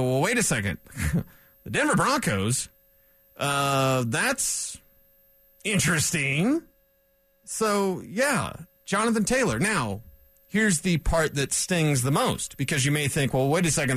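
A man hosts a sports talk show, chatting in a loose, animated way and slipping into little quoted asides. His voice sits fairly high. The sound is close and dry, with no room around it. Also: dry recording. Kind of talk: casual sports talk monologue.

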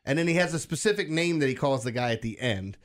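A man's voice: mid-range voice, quick pace. A man co-hosting a morning sports radio show, telling odd news stories in an incredulous, laughing way. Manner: incredulous, laughing, animated storytelling. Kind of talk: casual morning radio banter.

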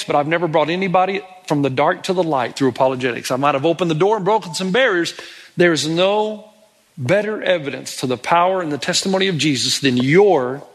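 Middle-aged man, pastor, animated sermon delivery, bright tone. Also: fairly high pitch. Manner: animated preaching, acts out pleading voices of Bible characters.

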